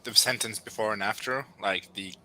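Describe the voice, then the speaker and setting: Guy on a writing stream, bright punchy voice, dry jokes, asks lots of questions. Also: lowish voice, fairly even intonation, normal speed, a little hiss or hum, low-quality recording. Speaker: writer co-host of a writing stream. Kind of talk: casual chat on a live stream.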